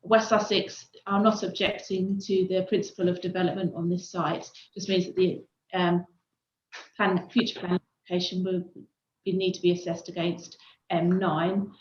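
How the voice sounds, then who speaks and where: A woman's voice: lowish voice, level tone, normal speed, slight background noise. A woman council planning officer giving a careful formal explanation at a hearing, with frequent hesitations. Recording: dull, echoey remote audio.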